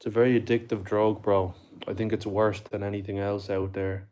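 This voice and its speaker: A man's voice: lowish voice, little pitch movement, a little fast, darkish tone. A young Irish man chatting with his livestream viewers, swearing constantly and tagging his lines with bro and like. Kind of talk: casual chat with viewers.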